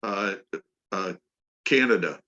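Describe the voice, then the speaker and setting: A man playing a hesitant homeowner prospect in a sales role-play, answering in halting bits. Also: low voice, pushed and bright, highs cut off, exaggerated voice. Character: hesitant middle-aged male homeowner prospect.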